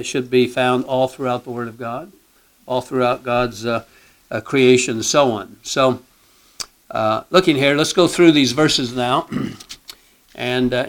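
Male Bible teacher, halting delivery, frequent throat clearing, emphatic scripture reading. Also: mid-range voice, fairly bright tone, poor audio. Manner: reads scripture aloud with emphasis.

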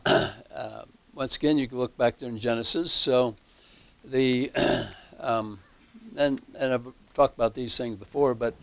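A man teaching a Bible class, slow and halting, with many fillers and emphatic repeats. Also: medium pitch, dry recording. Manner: emphatic repetition.

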